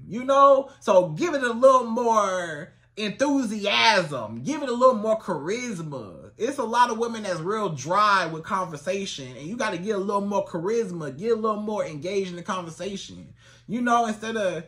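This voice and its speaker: A man giving casual dating advice to the camera, animated and colloquial, repeating his phrases. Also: high-pitched, moderate pace. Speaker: dating coach.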